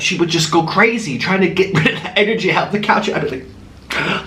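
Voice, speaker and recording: A man vlogging as he eats, telling a story in an animated way and gasping and murmuring between bites. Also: fairly high pitch, normal speed, echoey room, slight background noise. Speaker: mukbang vlogger. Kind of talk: storytelling while eating on camera.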